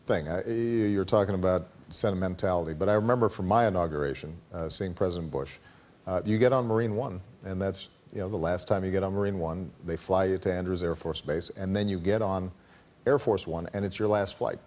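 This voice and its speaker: A man in his fifties, a guest on a talk show, speaking in a measured, wry way with frequent pauses, ums and restarts. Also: deep voice, darkish tone. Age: 50s. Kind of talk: casual chat. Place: TV studio.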